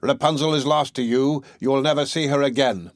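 A man voicing a wicked, spiteful old enchantress in a storybook reading, with a raised, drawn-out scolding voice. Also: medium pitch, fairly even intonation, dry recording, studio quality, close to an everyday voice. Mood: mocking.

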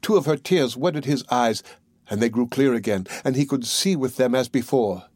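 A man narrating a fairy tale as an audiobook reader, in a measured, even reading. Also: medium pitch, dry recording, studio quality. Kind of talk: storybook narration.

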